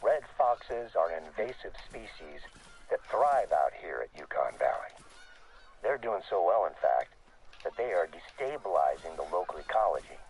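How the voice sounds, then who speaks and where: A man voicing a calm, matter-of-fact hunting guide in a video game's scripted voice-over. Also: low-pitched, moderate pace, low-quality recording. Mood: informative. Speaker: in-game wildlife guide.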